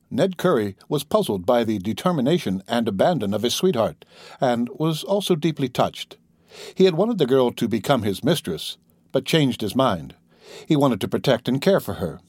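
A man narrating an audiobook in a measured, even reading style. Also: medium pitch, husky, no echo, clean studio sound. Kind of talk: scripted narration.

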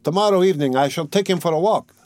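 A man reading an audiobook, voicing an eager young male student friend in a raised, lively, insistent voice. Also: a little high, fast talker, pitched above the performer's own voice, lightly acted.

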